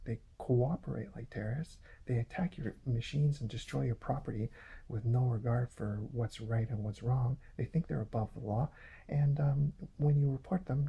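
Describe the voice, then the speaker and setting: Dark-voiced man ranting with grievance. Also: mid-range voice, gravelly, breathy edge, dull audio. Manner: aggrieved, repetitive and accusatory. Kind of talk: ranting monologue vlog.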